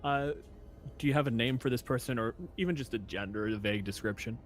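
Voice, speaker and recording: A man's voice: mid-range voice, fast. Casual male game master. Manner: casual, filler-heavy narration. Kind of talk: narrating a tabletop game.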